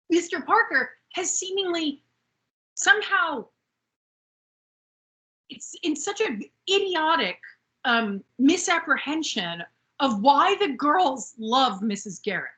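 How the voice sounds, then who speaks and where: A woman recaps a TV episode on a podcast in a high, animated voice that climbs and drops all over. She talks at an unhurried pace with a bright tone and acts out the characters' lines as she goes. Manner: animated, acts out quotes from the show. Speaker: podcast co-host. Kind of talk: casual recap chat.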